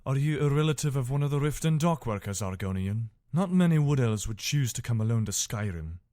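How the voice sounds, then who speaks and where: A man's voice: medium pitch, expressive, fairly quick, darkish tone, no echo, clean studio sound, lightly acted. A man voicing a young male soldier in a video game, asking blunt, probing questions. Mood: questioning. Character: young male Imperial soldier, wary and curious.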